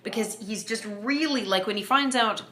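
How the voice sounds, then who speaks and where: A young woman talking casually about a book and its film adaptation, chatty and animated with playful asides. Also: medium pitch, moderate pace, a little hiss or hum. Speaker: book vlogger. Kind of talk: casual chat.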